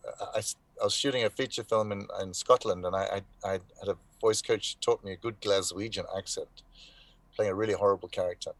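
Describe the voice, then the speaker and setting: A man, an actor being interviewed, telling animated anecdotes in casual conversation, often restarting his sentences. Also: fairly low pitch, fast, no room sound.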